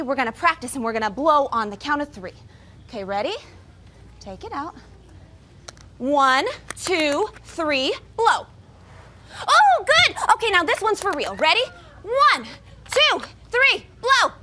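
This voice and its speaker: A woman's voice: very high voice, bright, forceful tone, slight background noise, full character voice. A woman performing live children's theatre, playing a spoiled, dramatic young princess in an exaggerated sing-song storytelling voice and chatting with the kids.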